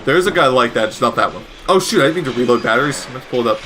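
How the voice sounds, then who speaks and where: A gaming commentator rambles casually through his gameplay, tossing in wry asides and correcting himself often. His medium-pitched voice is expressive and very fast.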